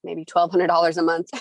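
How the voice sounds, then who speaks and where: Chatty woman with a gravelly low voice. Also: steady tone, normal speed, no room sound. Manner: chatty, acts out quoted people. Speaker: guest, former entertainment publicist. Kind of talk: casual interview storytelling.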